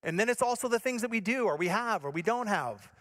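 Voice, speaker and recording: A male pastor from Michigan preaching a sermon, earnest and direct, swinging between emphatic points and soft, low passages. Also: animated, quick pace. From Michigan, USA.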